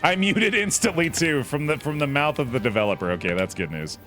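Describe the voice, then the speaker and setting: A young man chats through a card game on stream, his voice lively and bouncing around in pitch. He sounds relaxed and upbeat, cheering good hands. Faint game music runs behind him. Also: a little fast. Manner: laid-back, chatty, calls chat dude and bud. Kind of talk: casual gameplay commentary.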